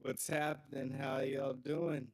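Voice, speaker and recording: A man calling in to a live podcast over a distorted, robotic-sounding connection, relaxed and easygoing. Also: a little high, slow, vocal fry. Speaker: call-in listener. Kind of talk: casual call-in chat.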